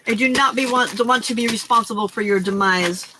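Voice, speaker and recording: A woman's voice: on the high side, a little fast, noisy background. A middle-aged woman hosting a late-night crafting livestream from home, chatting casually and talking to her cats and viewers between stories.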